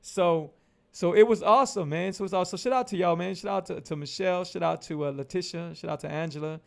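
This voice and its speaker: Emphatic gravelly man in his forties. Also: high voice, fast talker. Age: 40s. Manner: emphatic, repetitive, preachy. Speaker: keto lifestyle vlogger. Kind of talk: casual motivational vlog talk.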